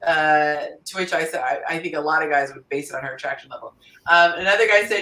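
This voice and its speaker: A woman hosting a casual panel chat, animated and laughing often as she reads listener answers aloud. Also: deep voice, fast talker, reverberant, far from the mic, poor audio. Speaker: host.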